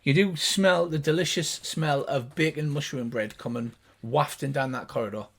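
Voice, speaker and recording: An older man narrating as game master of a tabletop game, describing scenes in a relaxed storytelling way. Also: fairly high pitch, normal speed, creaky, breathy edge.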